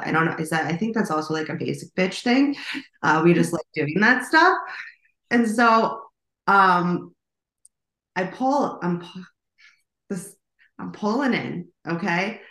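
A middle-aged woman co-hosting a podcast, telling a rambling, casual story with lots of fillers and swearing. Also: fairly low pitch. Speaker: podcast co-host. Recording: roomy echo.

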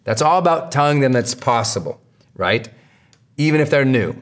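A man's voice: mid-range voice, animated, moderate pace. A man with a mid-range voice delivers a motivational lesson as a podcast host. He talks with bursts of energy and drives his points home by repeating them. His delivery is emphatic and coaching. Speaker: podcast host teaching marketing. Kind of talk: motivational teaching talk.

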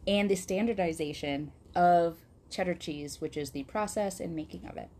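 A woman's voice: on the low side, moderate pace, a little mellow. A woman from Wisconsin with a Wisconsin accent, co-hosting a podcast in a chatty, rambling way with lots of fillers and giggles. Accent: Wisconsin, upper Midwest US. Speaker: podcast co-host. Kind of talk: casual podcast chat.

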